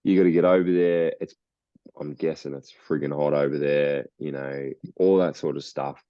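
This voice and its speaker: A man's voice: rumbling low, steady tone, moderate pace, no echo, highs cut off. A young Australian man co-hosting a podcast, chatting casually and rambling, laughing often. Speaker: podcast co-host. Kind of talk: casual chat.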